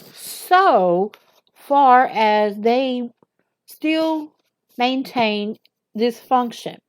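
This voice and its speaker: A woman reading a text aloud slowly, stumbling over words and breaking off for quick casual asides. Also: on the high side, no room sound. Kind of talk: halting read-aloud with asides.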